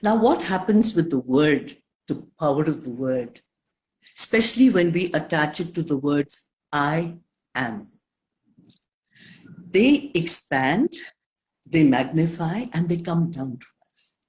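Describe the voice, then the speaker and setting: An older woman with a low, unhurried voice talks as an interview guest. She speaks deliberately and leans on words for emphasis, taking her time over each thought. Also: expressive, a little mellow. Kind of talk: live interview talk.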